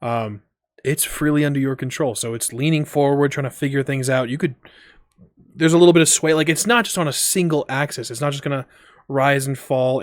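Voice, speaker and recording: A man narrating as game master, relaxed and full of ums and restarts. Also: medium pitch, no echo, studio quality. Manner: loose, filler-heavy narration with frequent ums.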